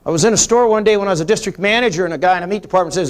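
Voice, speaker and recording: A man's voice: high-pitched, racing, few pauses. A man giving an emphatic, motivational business talk at a sales meeting, telling anecdotes and repeating key points. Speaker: grocery chain executive addressing a sales meeting.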